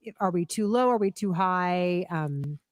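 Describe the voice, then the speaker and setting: A woman's voice: lowish voice, unhurried, no room sound. Chatty woman hosting a live stream. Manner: chatty, greets viewers by name, frequent ums. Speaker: co-host of a live movie news stream. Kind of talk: casual live-stream chat.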